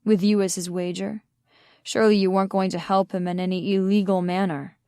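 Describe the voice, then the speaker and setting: A woman's voice: medium pitch, level tone, fairly quick, warm tone, clear, resonant tone, no echo, clean studio sound, lightly acted. A woman narrator voicing a furious, menacing young man in an audiobook, clipped and mocking.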